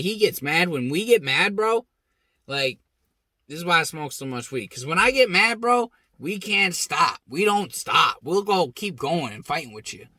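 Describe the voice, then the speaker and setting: Blunt, profane young man with a bright voice. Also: fairly high pitch, dry recording. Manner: blunt, heavily profane, animated; acts out quoted lines with raised shouting voice. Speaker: host. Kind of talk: casual storytelling monologue.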